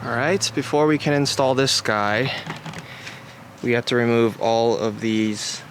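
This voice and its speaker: A man's voice: mid-range voice, fairly even intonation, a little slow, slight background noise. A young man casually walking through a car parts install outdoors, swearing now and then and hyped about the parts. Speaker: car modding vlogger. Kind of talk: casual how-to narration. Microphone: wireless clip-on mic. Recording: background music under voice.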